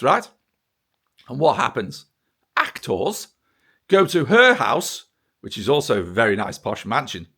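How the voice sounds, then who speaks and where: A bit bright and mid-range in pitch, this British vlogger's voice carries an angry political monologue he films himself, looking straight at the camera, full of swearing and sarcasm.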